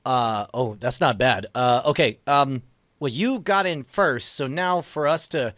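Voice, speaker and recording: A man's voice: medium pitch, measured pace, a bit bright, no room sound, clean studio sound. A man playing a tabletop game, talking in a hesitant, stammering way. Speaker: player.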